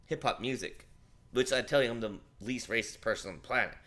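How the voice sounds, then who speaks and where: A man with a bright, forward voice tells a rambling personal story on a livestream. He talks casually and animatedly, swearing along the way. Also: mid-range voice, brisk. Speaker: livestream host.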